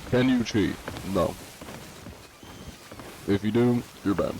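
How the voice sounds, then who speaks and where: A man's voice: lowish voice, slow, background noise. A man streaming a pirate game live, reading viewer comments aloud and answering them in a joking, laid-back way. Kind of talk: casual live-stream chat while gaming.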